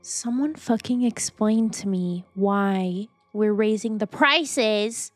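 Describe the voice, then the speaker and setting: Soft background music plays as a mid-range-voiced woman talks slowly, with hardly any pauses. She streams a game while chatting casually, ranting excitably, swearing a lot, and breaking into shrieks.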